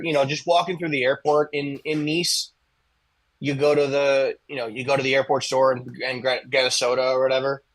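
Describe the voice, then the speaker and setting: A man's voice: fairly high pitch, low-quality recording. A young adult man co-hosting a casual talk show, rambling with many fillers and restarts. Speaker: co-host.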